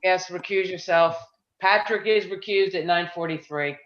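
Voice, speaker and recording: A woman chairing a town planning board meeting, chatty and self-deprecating, thinking aloud with frequent restarts. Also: normal speed. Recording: muffled low-fi meeting audio.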